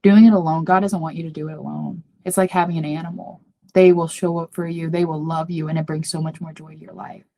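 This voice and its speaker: Earnest woman sharing a personal story. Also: fast. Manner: earnest and confiding, talks about herself by name; animated, jumps high when acting out quoted voices. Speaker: podcast guest, psychic medium.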